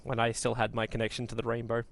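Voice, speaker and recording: A man's voice: mid-range voice, completely flat delivery, fast talker, vocal fry, a crowd in the background. A man with an Australian accent, commentating an esports match and joking with his co-caster. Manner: jokey, laughs readily. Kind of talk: game commentary and banter.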